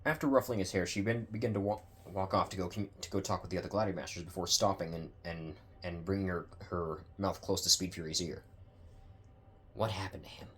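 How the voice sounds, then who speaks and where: A man narrates his own fan story in a halting way, often stopping to restart and correct himself. His voice is very deep, with a husky edge. He reads casually, as if working it out on the spot. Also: fairly even intonation, a bit bright.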